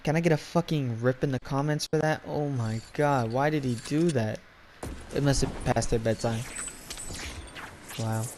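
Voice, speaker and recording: A man's voice: mid-range voice, darkish tone, a little hiss or hum. A young man telling a profane, rambling story while gaming, full of filler words. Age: young adult. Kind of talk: casual rant while gaming.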